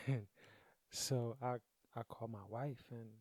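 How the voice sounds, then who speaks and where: A man's voice: mid-range voice, fairly even intonation, slow, a little mellow, dry recording. A young adult man hosting a podcast, telling a sad personal story in a casual, profane, repetitive way, sounding grieving. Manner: profane, conversational, repeats himself. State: grieving, emotional. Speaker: podcast host.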